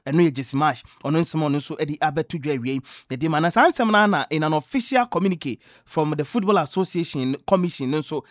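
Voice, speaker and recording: A man's voice: a little high, fast talker, hardly any pauses, no echo, clean studio sound. Ghanaian man telling sports news. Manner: lively storytelling, mixing in English phrases. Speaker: sports radio presenter. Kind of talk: sports news radio talk.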